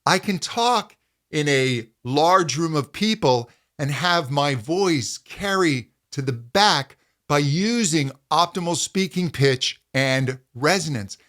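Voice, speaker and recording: Taking things slowly, a middle-aged man runs a voice lesson as a vocal coach. He calmly talks through hums and pitch slides and demonstrates them.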